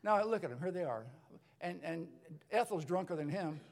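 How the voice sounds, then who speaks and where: An older man, a pastor, telling his story in a sermon, lively, with many restarts and acted-out voices. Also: sits high, normal speed. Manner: animated storyteller, acts out voices, rambling restarts. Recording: long hall reverb.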